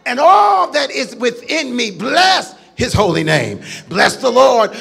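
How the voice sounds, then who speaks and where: A male pastor with a very high, gravelly voice preaches in bursts of shouting and sing-song cadence. His tone is bright and husky. Faint music sits behind him. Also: very animated, measured pace, hardly any pauses. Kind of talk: sermon.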